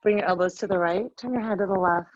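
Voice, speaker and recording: A woman leading a yoga class, giving firm, steady cues with bits of encouragement. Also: mid-range voice, fast talker, no echo, highs cut off. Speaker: yoga instructor. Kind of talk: live class instruction.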